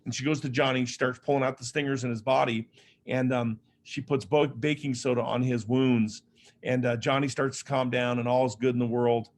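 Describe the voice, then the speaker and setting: A man from Las Vegas, Nevada, USA, delivers a motivational keynote as an author and speaker, sharing personal stories with humor and a conversational, self-deprecating touch. His medium-pitched voice moves fairly quickly with fairly even intonation.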